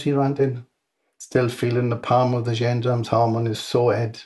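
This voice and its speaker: Man narrating a deadpan comic story. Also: mid-range voice, a little slow. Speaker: author reading his own story.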